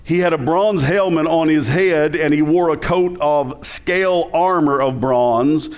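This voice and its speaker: A man with a Southern US accent preaching a sermon. His voice sits a little high for a man, and he preaches in an easy, conversational way. He often turns to ask the congregation questions. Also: unhurried. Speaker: pastor.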